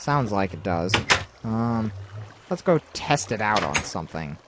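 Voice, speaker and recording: A man giving rambling gameplay commentary, talking to himself with excitable outbursts. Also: on the low side, unhurried, heavy background noise. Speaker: let's play host.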